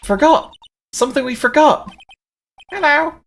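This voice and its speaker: A woman voicing a pet parrot in a video game, repeating single words in a shrill squawk. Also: a little slow, gravelly, a little hiss or hum. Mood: squawky.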